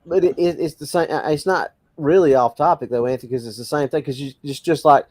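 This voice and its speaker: Animated man arguing a point, dry sound. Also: fairly high pitch, fast talker, no room sound. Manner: animated, argumentative. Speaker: podcast co-host. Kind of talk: casual group chat.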